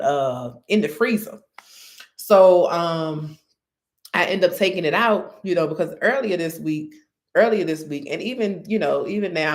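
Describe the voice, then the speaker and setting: Chatty woman. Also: fairly low pitch. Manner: chatty and candid, often addresses viewers as y'all. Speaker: vlogger. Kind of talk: casual faith-based talk.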